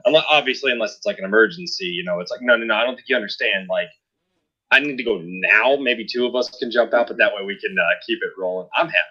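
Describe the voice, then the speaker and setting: Guy hosting a game stream, lowish voice, kinda bright and edgy, rambly, dull lo-fi call audio. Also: fast talker. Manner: apologetic, rambling with fillers. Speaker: host. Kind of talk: casual stream chat.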